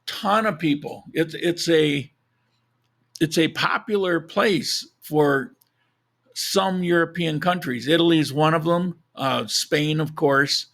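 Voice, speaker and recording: A man with a hoarse, froggy voice and a gravelly edge hosts a live podcast from a desk mic, a little higher-pitched than most men. He chats casually, rambling and restarting his sentences. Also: slow pace, a bit bright. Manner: rambling, self-correcting, chuckles at own jokes. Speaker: podcast host. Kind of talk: casual live-stream chat.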